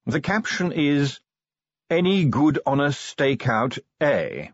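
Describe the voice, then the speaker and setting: A man's voice: mid-range voice, very animated, takes it slowly, no echo, voice pushed up, exaggerated voice. Prim polite butler guy, a man doing the voice, storybook reading, dry dull sound. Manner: formal, deferential, polite. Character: prim, smooth-spoken male butler, middle-aged.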